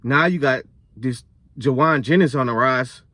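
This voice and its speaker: A young man in the middle of the usual pitch range, talking football in a loose, slangy way full of fillers. He is blunt and opinionated, and his voice climbs and gets louder when a point fires him up. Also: normal speed, dry recording. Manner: opinionated, blunt, rising loud when fired up. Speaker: sports vlogger. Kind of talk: casual sports commentary.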